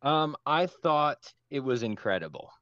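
A man's voice: medium pitch, big pitch swings, unhurried, bright, forceful tone, no echo. A man co-hosting a podcast, talking casually and telling his reactions with emotion. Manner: emotional, enthusiastic storytelling. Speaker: podcast co-host. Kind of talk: casual chat. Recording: slightly dull dry sound.

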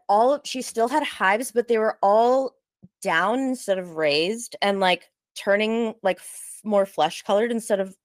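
A woman telling a story in casual chat, fast and lively, full of likes, acting out what others said. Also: fairly high pitch, no room sound, clean studio sound. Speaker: storyteller guest.

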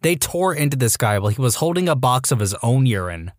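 A man reading online stories aloud as scripted narration, lively and now and then voicing the people in them. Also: mid-range voice, fairly quick, no echo, studio quality. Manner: lively reading with voiced character quotes. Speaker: story narrator.

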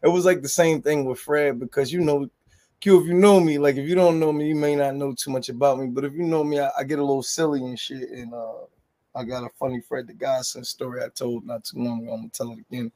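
A man's voice: medium pitch, steady tone, quick pace, darkish tone. Joking New man telling stories. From New Jersey. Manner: loose and joking, storytelling, with slang and restarts. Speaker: music label head. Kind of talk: casual interview talk.

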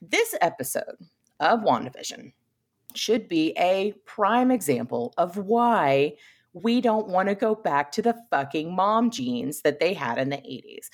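A woman co-hosting a casual podcast chat, animated, laughing often and swearing casually. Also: on the low side, a little slow. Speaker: podcast co-host.

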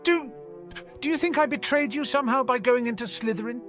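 A man voicing an anxious young girl who pleads softly and earnestly with her brother. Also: fairly high pitch, big pitch swings, moderate pace, soft background music, pitched above the performer's own voice. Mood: pleading. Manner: soft, nervous, earnest pleading.

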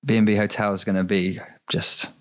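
A man's voice: fairly low pitch, little pitch movement, a little fast. A man co-hosting a cycling podcast, chatting casually with a wry, joking manner. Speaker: podcast co-host.

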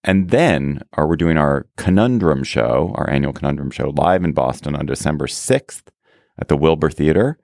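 Gravelly deep-voiced man hosting a podcast. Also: moderate pace, no echo, clean studio sound. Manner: relaxed, wry, with restarts and filler. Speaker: podcast host. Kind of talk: casual political podcast chat.

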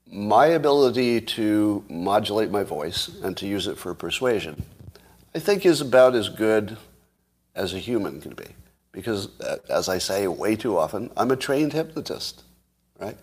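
Husky-voiced man musing to his viewers. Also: fairly low pitch. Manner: boastful, playfully hyperbolic, shifts deliberately between calm and worked up. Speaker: show host. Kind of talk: casual monologue to viewers.

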